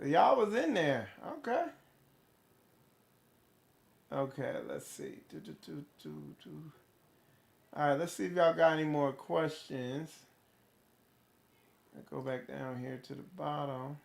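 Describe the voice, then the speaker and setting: High-voiced, slow-talking man. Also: big pitch swings, creaky. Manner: rambling, rhetorical questions, casual swearing. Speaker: host of a spiritual livestream. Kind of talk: casual livestream talk to viewers.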